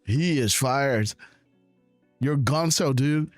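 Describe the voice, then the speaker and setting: A man hosting a live stream, reacting to a press clip with excited, mocking commentary and frequent laughter. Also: mid-range voice, takes it slowly, no echo, soft background music. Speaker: host reacting to a news clip.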